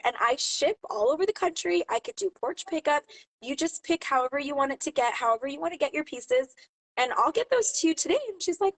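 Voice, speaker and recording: High-voiced chatty woman giving sales tips. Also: fairly quick, poor audio. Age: adult mom. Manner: chatty, animated storyteller acting out quotes. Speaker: jewelry seller and channel host. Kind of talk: casual advice talk to camera.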